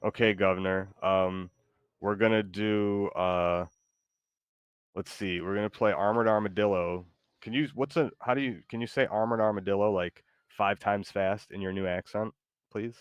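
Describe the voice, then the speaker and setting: A man's voice: on the low side, fairly even intonation, normal speed, clear, resonant tone, no room sound, lo-fi sound. A man hosting a casual chat, hesitant and giggly, full of ums and restarts. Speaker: streamer host.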